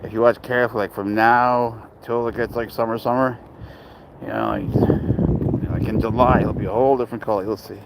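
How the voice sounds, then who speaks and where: A man's voice: medium pitch, steady tone, quick pace, few pauses, very noisy. A young man chatting casually on a phone livestream, rambling and crude as he answers viewer comments and talks to his cat outdoors.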